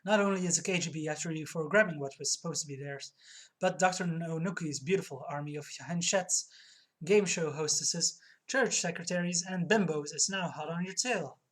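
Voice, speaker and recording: A woman streaming a video game, reading its text aloud with soft muttered asides. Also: low-pitched, moderate pace.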